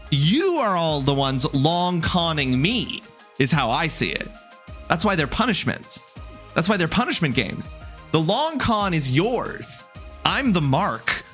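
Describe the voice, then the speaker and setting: A young adult man streaming a video game and talking casually with his chat. He jokes a lot, welcomes viewers by name and often restarts or drifts off mid-thought. Faint music plays softly behind him. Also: on the high side. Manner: chatty and joking, greets viewers by name, wanders off mid-sentence.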